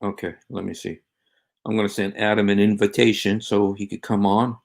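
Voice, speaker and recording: A man hosting a casual livestream, talking in a halting, rambling way with many fillers and restarts. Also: on the low side, level tone, vocal fry, a little mellow. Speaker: livestream host.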